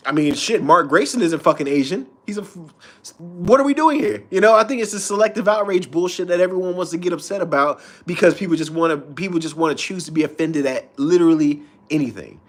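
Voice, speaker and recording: A man's voice: a little high, fast, few pauses. A man ranting on an unscripted live stream and reading comments, heated and profane, with his voice swinging sharply up and down.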